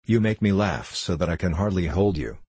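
Curious little girl in a storybook, read by a man in a deep husky voice, dry close sound. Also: a little fast, a little mellow, no echo. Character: curious polite young girl.

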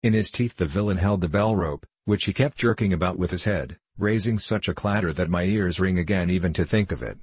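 A man reading a comic story aloud as narrator, in a theatrical, lively manner. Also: low-pitched, a little fast, few pauses, husky, no room sound.

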